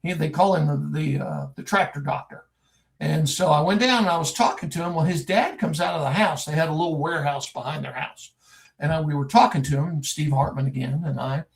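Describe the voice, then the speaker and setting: Middle-aged Texas man, gravelly and a touch high, folksy animated storyteller. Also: fairly quick. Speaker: private investigator, guest. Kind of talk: storytelling in a podcast interview.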